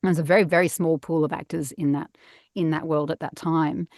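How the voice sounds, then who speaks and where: Self-mocking woman, low voice. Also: fairly even intonation, a little fast, darkish tone, no echo, clean studio sound. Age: middle-aged. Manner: self-mocking, laughs often. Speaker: guest voice actor. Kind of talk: casual interview chat. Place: padded home recording booth.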